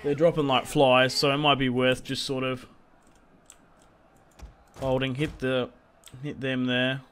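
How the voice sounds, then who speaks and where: A young man talks through a strategy game in a loose, chatty way, muttering commands at his units as he goes. His voice sits at an ordinary middle pitch, and faint keyboard clicks tick away behind him. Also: little pitch movement, measured pace, fairly bright tone, a little hiss or hum. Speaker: gaming video creator. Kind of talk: casual gameplay commentary.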